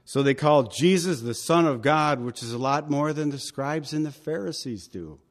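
A man's voice: on the high side, normal speed. A male pastor giving a verse-by-verse Bible teaching sermon, conversational and emphatic, with chatty asides to the congregation.

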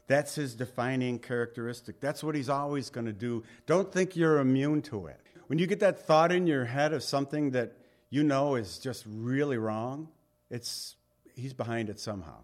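A man's voice: medium pitch, expressive, normal speed. A man preaching a sermon in a conversational way, reading scripture aloud and slipping in folksy asides and jokes. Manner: reads scripture aloud in King James wording. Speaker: pastor.

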